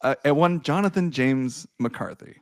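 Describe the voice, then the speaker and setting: A man's voice: unhurried, no room sound, studio quality. A man in his thirties, hosting a podcast in casual chat, telling stories with big swings, laughing and swearing. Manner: animated storytelling, swearing, laughing, shouting at highs. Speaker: podcast host.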